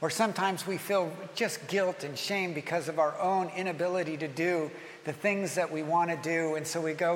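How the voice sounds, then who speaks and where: A man leading communion as a pastor, speaking earnestly and rising in pitch and force as he voices a listener's prayers. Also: fairly even intonation, moderate pace, few pauses, a little hiss or hum. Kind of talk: communion sermon. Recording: long hall reverb, faint ambience.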